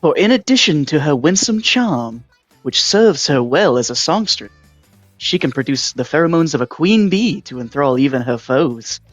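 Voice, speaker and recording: A man's voice: a little high, lively intonation, moderate pace, dry recording. A man voicing a gracious, formal male tournament announcer over a live stream, with stately, ceremonious phrasing. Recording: dull lo-fi mic with faint music.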